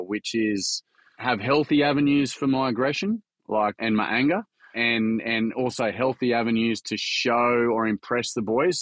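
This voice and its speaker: A man's voice: medium pitch, a bit bright, no room sound. A young Australian man telling his own story in a casual podcast chat, earnest and frank with some swearing. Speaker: charity founder and workshop facilitator.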